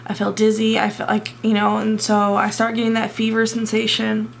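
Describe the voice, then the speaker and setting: A young woman vlogger telling a personal story in an emotional, halting way, close to tears and full of fillers. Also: medium pitch, monotone, vocal fry, a little hiss or hum.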